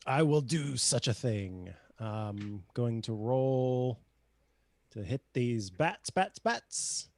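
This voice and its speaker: A man's voice: medium pitch, slow pace, darkish tone. A man playing in a tabletop game, speaking with a wry, dry humor. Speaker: player. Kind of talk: casual tabletop game chat.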